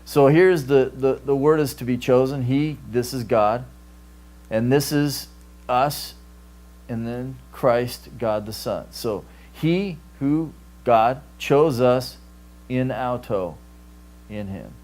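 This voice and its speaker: A man's voice: mid-range voice, slow pace, darkish tone. A man teaching a Greek grammar class, explaining patiently and checking in with "right?" often. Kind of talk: classroom lecture. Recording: live stream capture.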